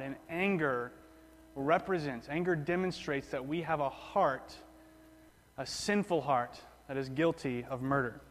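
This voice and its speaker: Man preaching, slightly high, in a reverberant hall. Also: unhurried. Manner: conversational preaching with repetitions and restarts. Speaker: pastor. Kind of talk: sermon.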